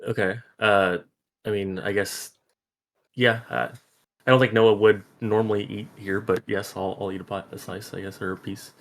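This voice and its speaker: Hesitant lower-voiced man player. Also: flat delivery, normal speed. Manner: hesitant, with many ums. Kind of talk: casual tabletop play.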